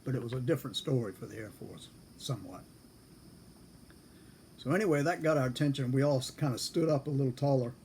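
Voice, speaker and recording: A man's voice: medium pitch, darkish tone, a little hiss or hum. Older man chuckling through an old story. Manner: unhurried, chuckles while telling. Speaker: storyteller recalling military service. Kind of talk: casual spoken storytelling.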